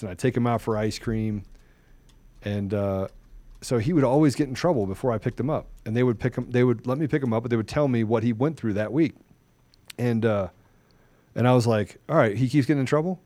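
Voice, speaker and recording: A middle-aged man co-hosting a talk show, telling a story in quoted dialogue and turning low and soft when serious. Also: fairly quick, dry recording. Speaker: show co-host. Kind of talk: conversational storytelling.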